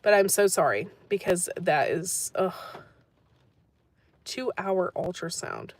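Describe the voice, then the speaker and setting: A woman's voice: lowish voice, animated, takes it slowly, no echo. Woman host of a gardening channel, casual live-chat delivery, talkative and rambling, dry recording. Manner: chatty and rambling, laughs often. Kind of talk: casual live-stream chat answering comments.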